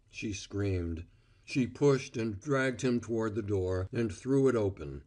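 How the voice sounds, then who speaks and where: A man narrating an audiobook in a measured, expressive reading. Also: fairly low pitch. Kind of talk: scripted narration.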